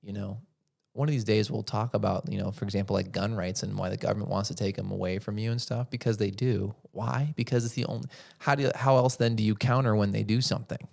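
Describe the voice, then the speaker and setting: Man, podcast host, low gravelly voice, rhetorical, opinionated monologue. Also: fairly even intonation, fast talker, darkish tone. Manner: rhetorical, asks questions then answers them.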